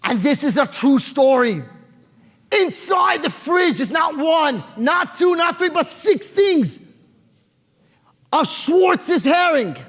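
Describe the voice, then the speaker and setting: A man telling a story in a lively, sing-song way, acting out the scenes. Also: extremely high pitch, takes it slowly, big-room sound. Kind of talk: animated oral storytelling.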